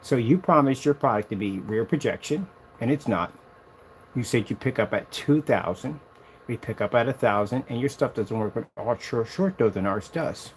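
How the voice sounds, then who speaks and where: A man casually demonstrating a projection screen on a vlog, excited and rambling, boasting about his product. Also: normal speed, a little hiss or hum. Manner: sings snatches of a tune in a high voice.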